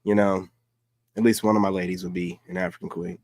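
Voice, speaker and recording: A man's voice: sits low, level tone, a little fast, darkish tone. A man hosting a casual livestream, reacting to clips in slangy, hyped streamer talk. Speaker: livestream host.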